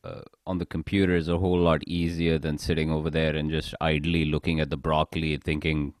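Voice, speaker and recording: A man with a very low voice tells stories in a loose, joking way, swearing and laughing a lot. The sound is dry and close, with no room around it. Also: steady tone, a little fast, hardly any pauses, a little mellow, no echo. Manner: jokey, laughs often, swears. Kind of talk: casual chat.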